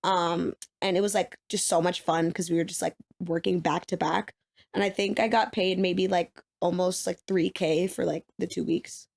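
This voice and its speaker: A woman's voice: on the low side, steady tone, moderate pace, gravelly, darkish tone. A young adult woman, an actress guest chatting casually on a podcast, with many fillers.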